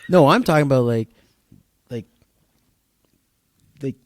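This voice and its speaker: A man's voice: mid-range voice, lively intonation, unhurried, dry recording, studio quality. A young man co-hosting a podcast in casual chat, a laid-back storyteller who acts out quotes. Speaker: podcast co-host.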